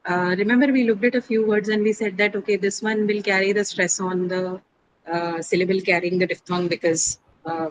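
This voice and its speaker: A woman teacher leading an English pronunciation lesson, patiently repeating each word slowly for her students. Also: on the low side, slight background noise, rough recording. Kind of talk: classroom lesson on syllables and stress.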